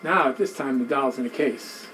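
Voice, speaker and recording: A man telling a tale during a museum tour, speaking in an animated, conversational way. He repeats himself as he builds the story and acts out the voices of the people in it. A faint background hiss sits under the recording. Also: medium pitch, normal speed, low-quality recording. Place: indoor museum room.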